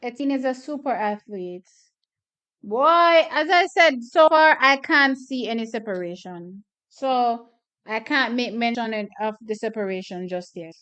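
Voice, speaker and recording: A woman calls races and chats through a track meet watch party in a fairly high, smooth and clear voice. She is opinionated and chatty, circling back to hammer her points home. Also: animated, a little slow, a bit bright, dull audio. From Jamaica. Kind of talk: casual live track commentary.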